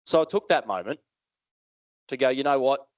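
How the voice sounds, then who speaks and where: Lively Australian man telling a story. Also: medium pitch, moderate pace, no room sound, lo-fi sound. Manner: lively, conversational, asks the audience questions. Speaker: motivational speaker. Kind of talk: live keynote storytelling to an audience. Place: live event hall with audience.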